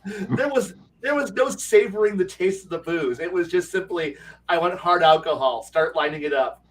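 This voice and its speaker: A man with a somewhat high voice tells a rambling story in casual chat, acting out the quotes and laughing as he goes. He swears freely, and he sits a little back from the microphone. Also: normal speed, recorded from a distance. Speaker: game master.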